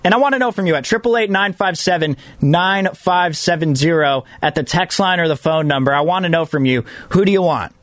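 A man hosting sports talk radio in a slightly high voice, excitable and quick to poke fun at himself. He repeats phrases as he goes, and the sound is dry and close. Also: no room sound.

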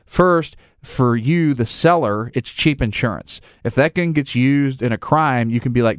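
A man's voice: mid-range voice, unhurried, hardly any pauses, clear, resonant tone, dry recording, clean studio sound. A man who runs a gun store, talking casually in rambling restarts and acting out little scenes with other people's voices. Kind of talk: casual conversation.

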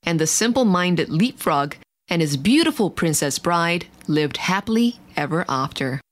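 Slow, gentle woman reading a bedtime story. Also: lowish voice, animated.

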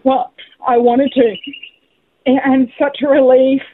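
Tinny-phone woman caller, emotional and halting. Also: high voice, flat delivery. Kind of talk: phone-in testimony. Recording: tinny phone line with faint noise.

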